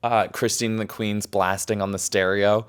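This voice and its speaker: A man's voice: fairly low pitch, flat delivery, normal speed, clear, resonant tone. A man co-hosting a casual podcast, telling stories with lots of swearing and acted-out quotes. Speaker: podcast co-host. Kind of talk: casual chat.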